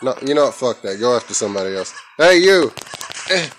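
A man's voice: medium pitch, big pitch swings, fairly quick, a bit bright, slight background noise, poor audio. A young man recording his own gameplay at home on a headset mic, trash-talking, cussing and yelping as he plays. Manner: playful trash talk, cussing, sudden yelps. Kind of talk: casual gameplay commentary.

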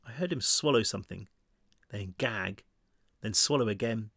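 A man reading his own novel aloud in first person, steady and measured. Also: on the low side, gravelly, breathy edge, no echo, clean studio sound. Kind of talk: first-person audiobook narration.

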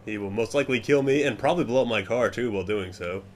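Young dude mumbling and cursing thru gameplay, yells at other players. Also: male voice, lowish voice, fast talker, a little hiss or hum. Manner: swears a lot, grumbling then yelling at other players. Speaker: gameplay commentator. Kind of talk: casual gameplay commentary.

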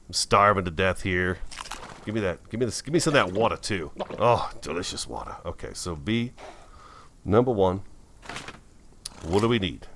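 Casting: low-pitched man, easygoing gameplay narrator, faint background hiss. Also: animated, moderate pace, long pauses, fairly bright tone. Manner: chatty, easily startled, talks to himself. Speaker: gameplay video host. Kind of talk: casual gameplay commentary.

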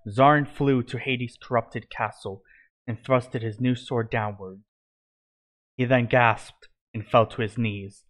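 A man reading his own fan fiction story aloud in a plain, steady storytelling manner. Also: mid-range voice, slow.

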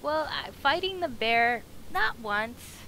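A woman streaming a video game live. She comments excitedly, swears a lot and talks back to the characters on screen. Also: high voice, slow, vocal fry, slight background noise, poor audio. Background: game music.

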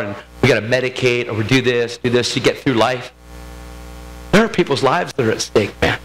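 In a rough recording, a man with a medium-pitched voice preaches a sermon, sharing a personal testimony whose emotional intensity builds until he's nearly shouting.

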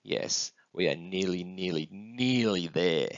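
Man voicing a mother camel, storybook, soft, patient, gravelly, dry. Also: sits low, sing-song, moderate pace, no room sound, heavily acted. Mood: gentle. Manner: soft, warm, hushed. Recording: dull, dry close recording.

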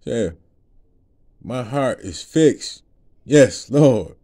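A man's voice: mid-range voice, animated, very slow, dark tone. A man giving a loose, rambling testimony to an audience, laughing often and repeating "you know what I'm saying" in slangy speech. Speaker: ministry speaker.

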